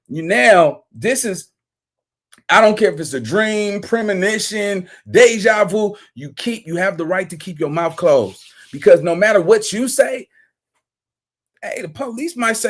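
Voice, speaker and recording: A man hosting a commentary show, reacting to a clip in an animated, exclamatory, slangy way. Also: high-pitched, moderate pace.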